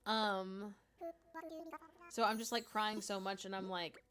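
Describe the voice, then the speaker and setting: A woman's voice: on the high side, fairly even intonation, unhurried, fairly bright tone, slight background noise. A woman live streamer chatting casually and giggling while she plays a game, full of fillers. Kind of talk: casual chat while gaming. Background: game music.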